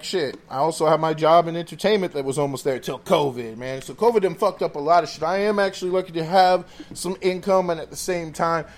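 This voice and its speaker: A man hosting a podcast, telling rambling, profane stories in casual chat. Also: fairly high pitch. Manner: profane, rambling, animated storytelling. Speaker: podcast host.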